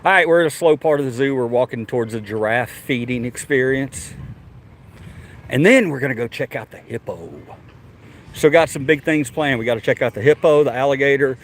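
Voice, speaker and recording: A man's voice: medium pitch, fairly quick, a little hiss or hum. A man, chatting casually to viewers and to the animals while walking outdoors with a handheld phone camera. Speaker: vlogger. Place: outdoors at a zoo.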